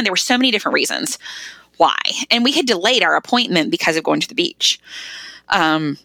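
A middle-aged woman shares a heartfelt personal story as a podcast guest, speaking casually and leaning on "like" as she talks. Her voice sits low with a gravelly fry and a bright, sharp edge, and it comes across dry and close. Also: lively intonation, fairly quick, dry recording. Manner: conversational, frequent "like" fillers.

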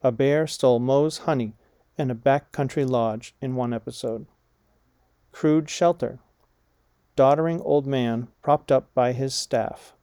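Man reading vocabulary aloud, slow deliberate dictation, mellow low-key tone, dry close sound. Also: smooth, no room sound. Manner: measured, deliberate, reads words and punctuation aloud. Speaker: vocabulary reader.

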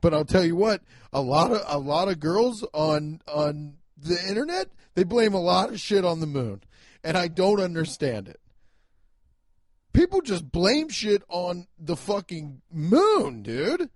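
A young man with a fairly high voice hosts a solo podcast, ranting loudly and emphatically, swearing and laughing at his own slips. He sounds close and dry, with no room around him. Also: very animated, unhurried, no echo. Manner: loud, emphatic, swearing, self-mocking. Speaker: podcast host. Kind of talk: casual solo podcast rant. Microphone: home podcast mic.

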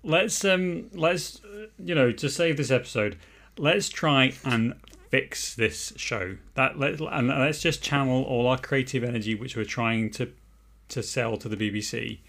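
A man's voice: medium pitch, unhurried, gravelly, a bit bright. Male podcast host, loose and rambling, steers the talk. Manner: rambling, many restarts, leads the discussion. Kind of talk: casual chat.

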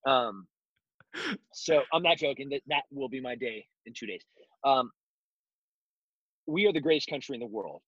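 A man's voice: medium pitch, moderate pace, pauses often, fairly bright tone, breathy edge, no room sound. A man talking bluntly in an interview, telling stories with mocking asides. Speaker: guest, self-defense instructor. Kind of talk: casual interview talk. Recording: dull lo-fi recording.

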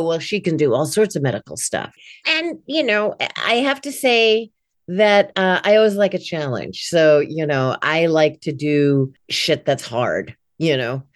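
A woman's voice: lowish voice, no room sound, clean studio sound. A middle-aged woman working as a voice-over teacher, talking as a guest in a casual interview, chatty and candid, with plenty of "like" and "you know".

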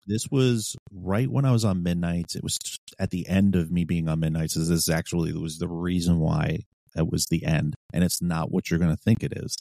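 Low, mellow-voiced man telling a cop story. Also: fairly quick, creaky, hardly any pauses, no room sound. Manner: profane, animated storyteller acting out his own past lines. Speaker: podcast co-host, former police officer. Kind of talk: casual storytelling chat.

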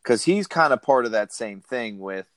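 A man's voice: mid-range voice, lively intonation, normal speed, dry recording. A man co-hosting a podcast, chatting casually about a movie, laughing often and retelling scenes. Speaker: podcast co-host.

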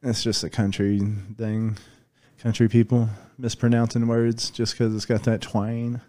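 A man with a Southern US twang talks through a casual podcast chat, his voice mellow and smooth. He rambles loosely, padding his thoughts with fillers. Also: medium pitch, little pitch movement, a little slow. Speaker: podcast guest.

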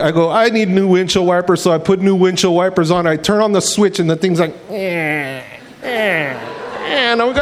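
A man preaching in a relaxed, conversational way, spinning everyday stories into a lesson. His voice sits high for a man, and he colors his quotes with playful voices. He tosses in "man" like he's chatting with friends. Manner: animated, acts out quotes in voices; folksy, says "man" often. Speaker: pastor. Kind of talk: casual storytelling sermon.

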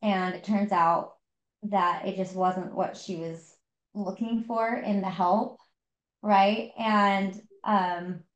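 A woman's voice: medium pitch, steady tone, slow pace, dull audio. Chatty woman in an echoey room. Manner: chatty, many fillers and restarts. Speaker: podcast co-host. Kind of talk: casual book discussion. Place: home.

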